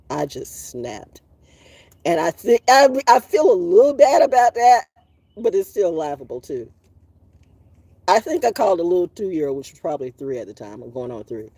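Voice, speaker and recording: A woman tells a story straight into the camera, outdoors, in a loose, profane vlog monologue, laughing and coughing from allergies as she goes. Her voice is husky and swoops widely in pitch. The sound is dry and close. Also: no room sound. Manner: profane, animated, laughs often. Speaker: vlogger.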